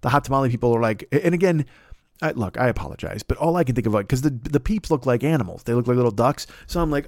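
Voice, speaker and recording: A man's voice: medium pitch, fast talker, no room sound, clean studio sound. A man in his fifties telling a rambling, crude comic monologue as a podcast host. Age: 50s. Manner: rambling, crude, animated storytelling.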